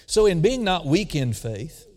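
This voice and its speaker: A male preacher delivers a sermon in a fairly high voice that swings from booming, drawn-out emphasis down to soft, intimate asides. He keeps calling out to the congregation for an amen or a hallelujah. His voice carries a long reverb from a large church hall. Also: sing-song. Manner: calls for audience response.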